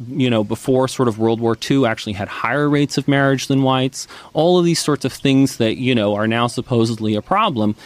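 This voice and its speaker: A man's voice: mid-range voice, no room sound. Chatty man explaining with lots of "right?". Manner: animated storyteller, frequent "right?" and "you know". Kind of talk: casual explanatory chat.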